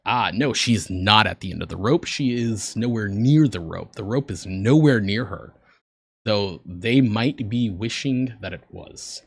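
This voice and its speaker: A man's voice: lowish voice, lively intonation, measured pace, creaky, breathy edge, no room sound. A man casually chatting on a livestream, rambling and joking at his own expense with the viewers. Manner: rambling, self-deprecating, joking with chat. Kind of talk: casual reaction stream chat.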